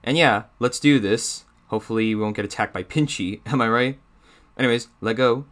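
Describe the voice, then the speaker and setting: A man's voice: medium pitch, fairly quick, fairly bright tone. A man hosting his own channel, chatting casually in a rambling, hesitant way full of fillers. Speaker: YouTuber. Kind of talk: casual chat.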